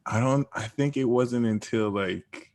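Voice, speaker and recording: A man's voice: mid-range voice, measured pace, a little mellow. A man guest in a casual astrology chat, often hesitating and trailing off with "like" and "I don't know". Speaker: podcast guest.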